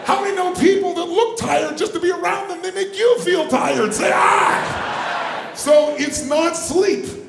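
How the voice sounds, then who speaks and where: Motivational speaker, male, high voice, commanding crowd-pumping delivery, echoey hall. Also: normal speed, creaky, music in the background. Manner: commanding, drives the crowd with questions and shouted calls. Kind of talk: live motivational seminar talk. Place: large hall with live audience. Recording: echoey hall with faint ambience.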